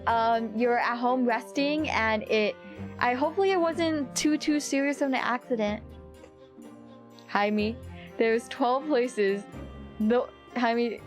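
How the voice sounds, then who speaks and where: A young woman with a high, bright voice, chatting with her live-stream viewers. She is bubbly and talkative, breaking into gasps and giggles. Soft music plays quietly behind her. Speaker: VTuber streamer.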